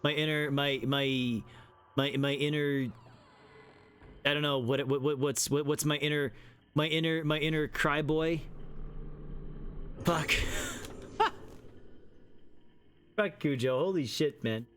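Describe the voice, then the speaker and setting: A young man streaming a game live, chatting to his viewers in an excitable way, swearing often and laughing a lot. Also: fairly high pitch, slow pace, pauses often, smooth. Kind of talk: casual live-stream chat.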